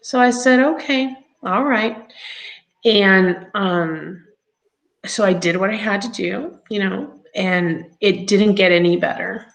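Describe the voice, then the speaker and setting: A grown woman telling her own story as an interview guest, chatty and halting with many ums and laughs along the way. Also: medium pitch, vocal fry, low-quality recording. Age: adult.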